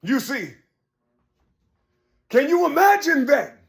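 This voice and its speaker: This gravelly-voiced man talks slowly through a meandering personal monologue, his pitch swinging widely. He keeps saying "you see," falters and begins again, and alternates between low mumbling and loud, emphatic surges.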